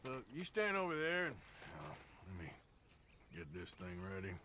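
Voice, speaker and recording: An actor playing a rough-spoken outlaw gunslinger in a video game, talking in a blunt, drawling frontier way. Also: male voice, medium pitch, wildly swooping pitch, normal speed, bright, forceful tone, slight background noise. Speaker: game character.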